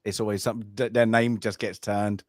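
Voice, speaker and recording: Brisk and flat, this British co-host has a lowish, darkish voice. He rambles through a casual film review chat on a podcast, full of fillers and restarts, with clean studio sound and no room echo.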